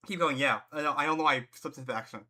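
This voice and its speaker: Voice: medium pitch, rapid-fire, pushed and bright. A game master running a tabletop game, giving brief, curt answers and voicing a town guard.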